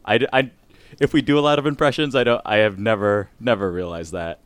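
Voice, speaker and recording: A man's voice: fairly low pitch, fairly even intonation, a little fast, clean tone, no room sound. A man co-hosting a podcast in casual chat, rambling and laughing often. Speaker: podcast co-host.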